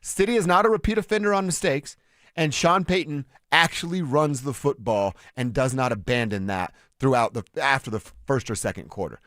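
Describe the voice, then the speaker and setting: A man from Colorado co-hosting a sports radio show, talking excitably and restarting his sentences. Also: medium pitch, brisk, dry recording, studio quality. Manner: excitable, animated, restarts a lot. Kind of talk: casual sports talk. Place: radio studio.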